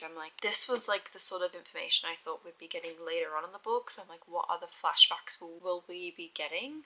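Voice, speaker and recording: A woman's voice: fairly low pitch, bright, forceful tone, low-quality recording. A young woman chatting frankly in a casual reading vlog, full of "like" fillers. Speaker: book vlogger.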